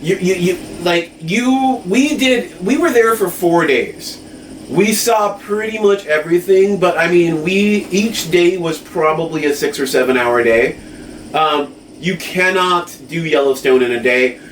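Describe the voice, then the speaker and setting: A man's voice: high-pitched, measured pace. A man co-hosting a podcast in casual chat, rambling with lots of fillers and tag questions. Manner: rambling, full of fillers and "right?". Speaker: podcast co-host. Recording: echoey room, mic at a distance, faint noise.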